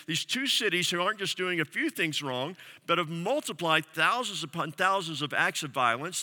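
Male pastor, slightly high and very bright voice, earnest sermon delivery with repeated phrases, church hall reverb. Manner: earnest preaching with repeated phrases and emphatic questions. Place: church sanctuary.

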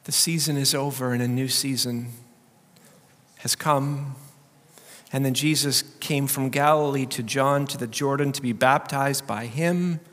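A man pastor giving a sermon, swinging between loud, urgent preaching and quiet emphasis. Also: mid-range voice, fairly even intonation, measured pace. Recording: long hall reverb.

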